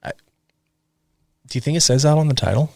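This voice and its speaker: A man's voice: on the high side, animated, fairly quick, creaky, a little mellow, no echo, clean studio sound. Laid-back joking man, guest host. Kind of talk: casual chat.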